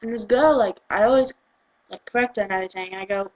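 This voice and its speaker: Woman vlogger, fed-up rant, fairly high voice, animated. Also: brisk, long pauses, poor audio. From United Kingdom. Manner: exasperated, animated, switches into mocking quoted voices. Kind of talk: casual ranting vlog.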